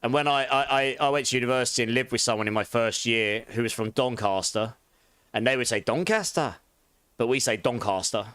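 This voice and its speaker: A relaxed, chatty English streamer reads and replies to his chat mid-game, laughing frequently, in a London and Essex accent with a hint of posh. He speaks quickly in a medium-pitched, clean-toned voice. The studio-quality recording has no room sound.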